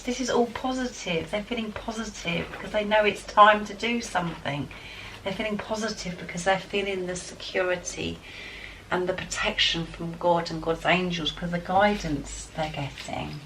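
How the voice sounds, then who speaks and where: A woman giving a spiritual tarot guidance reading, excitable and enthusiastic as she talks straight to her viewers. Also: on the low side, moderate pace, vocal fry. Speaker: tarot card reader. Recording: distant mic with faint background noise.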